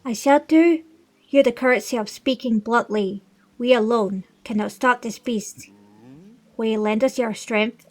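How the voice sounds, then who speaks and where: A woman's voice: fairly high pitch, a little slow, darkish tone. A woman voicing a stately old fish-folk king. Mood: earnest. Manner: formal, stately reading of game dialogue. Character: older male fish-folk king, regal and fatherly. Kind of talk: reading video game dialogue aloud.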